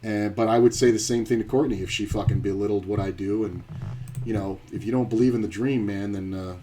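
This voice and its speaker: A man's voice: fairly low pitch, steady tone, brisk, noisy background. A man streaming poker and telling a rambling, blunt, profane story in casual chat.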